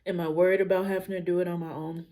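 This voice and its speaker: A young adult woman talking candidly in a casual personal vlog, musing out loud with relaxed everyday slang. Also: lowish voice, rapid-fire. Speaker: vlogger.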